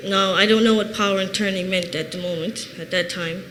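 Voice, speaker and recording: A woman's voice: medium pitch, steady tone, a little fast, a bit bright. A woman in her thirties from Chicago giving an earnest, plain-spoken personal testimony in a church. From Chicago, USA. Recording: reverberant church hall, faint noise.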